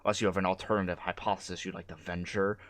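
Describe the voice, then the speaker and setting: A man's voice: low voice, flat delivery, very fast, noisy background. A man voicing a fussy, pedantic older male cryptozoologist in a game read-through. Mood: lecturing. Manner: defensive, lecturing.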